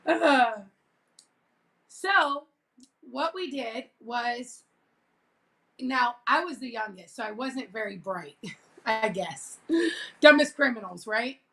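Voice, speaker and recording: Woman vlogging, high bright voice, chatty and animated, acts out the quotes. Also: slow pace, long pauses. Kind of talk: casual storytelling.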